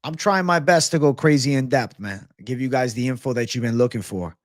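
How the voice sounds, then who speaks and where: Speaking a little fast in a mid-range voice, this host of a live sports betting show addresses his chat directly, casual and slangy, swearing freely. The recording is dry and studio quality.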